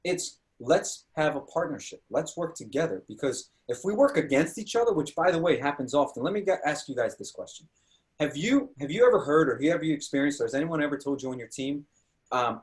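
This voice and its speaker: As host of a panel discussion, a man with a slightly high voice speaks at a normal speed. His storytelling is animated and energetic, and he acts out quoted dialogue.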